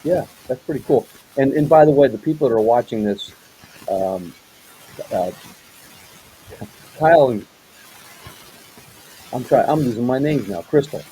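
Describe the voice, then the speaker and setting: A man's voice: medium pitch, expressive, a little slow, pauses often, mellow, slight background noise, poor audio. A man hosting a casual interview, talking loosely and rambling, with lots of fillers and agreeing noises. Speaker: host.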